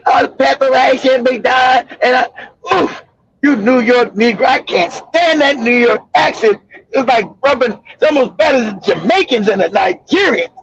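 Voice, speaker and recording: Loud laughing high-voiced man. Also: normal speed, gravelly, husky, no room sound, highs cut off. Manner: loud, laughing, swearing storyteller. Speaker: livestream host. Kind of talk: casual profane commentary.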